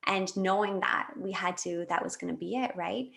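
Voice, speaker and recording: A woman's voice: lowish voice, normal speed, gravelly. A woman in her late thirties from Canada, telling a personal story in a casual interview with many fillers and restarts. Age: 30s. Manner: animated, emotional, lots of fillers and restarts. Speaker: podcast guest.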